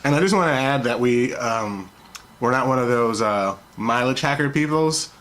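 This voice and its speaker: A man's voice: mid-range voice, lively intonation, moderate pace, fairly bright tone. Young man vlog co-host, mid voice, easygoing and encouraging, faint noise behind. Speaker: travel vlogger, channel co-host. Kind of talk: casual chat to camera.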